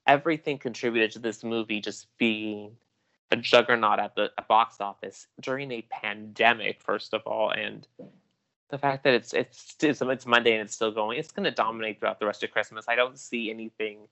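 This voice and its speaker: A man who is a podcast guest in casual chat, excitable and rambling with frequent restarts. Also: on the low side, moderate pace.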